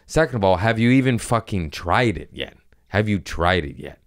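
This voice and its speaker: A man's voice: sits low, expressive, moderate pace, dry recording, clean studio sound. A man hosting a comedy podcast, rambling casually with profanity and jokes.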